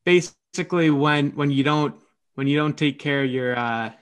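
A man co-hosting a podcast, speaking in a hesitant, halting way with many pauses. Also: a little high, a bit bright. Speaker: podcast co-host. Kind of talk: casual podcast banter.

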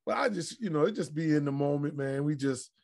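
His voice is a little high and a little fast, tinged with vocal fry. The speaker, a middle-aged ex-pro basketball player guesting on a podcast, shares crude, blunt, lively stories in a casual interview.

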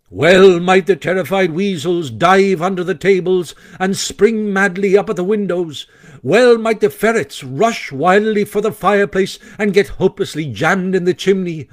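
A man reading a classic children's story aloud with expressive, animated narration. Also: high voice. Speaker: audiobook narrator.

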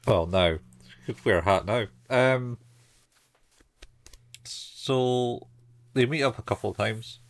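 A man co-hosting a casual podcast chat, retelling anime plot points haltingly with many fillers. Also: mid-range voice, no room sound. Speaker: podcast co-host.

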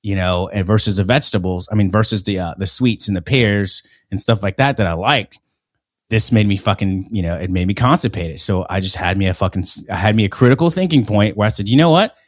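A man with a fairly low voice chats casually, swearing freely as he winds through a long personal story. The sound is dry, with no room around it. His talk is loose and rambling, full of restarts. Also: a little fast, no room sound. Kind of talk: casual podcast chat.

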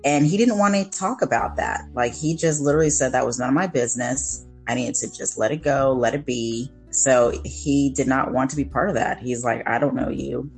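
A woman with a strikingly low voice talks candidly on a podcast, earnest and reflective, slowing down to stress what matters. Faint music sits quietly behind her. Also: low-quality recording. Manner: earnest, reflective, with slowed emphasis. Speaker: podcast co-host. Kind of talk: candid personal storytelling.

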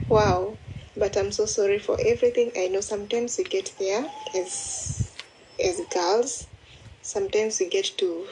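A woman speaks slowly in a casual voice message, rambling and apologizing and restarting her sentences. A faint hiss of noise sits under her voice. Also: medium pitch, darkish tone, low-quality recording. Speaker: listener replying by voice message.

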